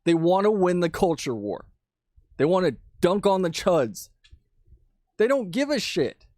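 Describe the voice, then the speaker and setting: High-voiced man ranting indignantly. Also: sing-song, a little slow, darkish tone, no echo, studio quality. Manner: profane, indignant, sarcastic. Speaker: commentary channel host. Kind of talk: ranting commentary. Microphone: studio mic with pop filter.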